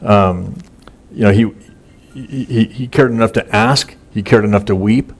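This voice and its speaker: A man's voice: lowish voice, a little slow. A man preaching a conversational sermon that is casual and folksy, with many fillers and repeated words. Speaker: pastor. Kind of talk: sermon, conversational Bible teaching.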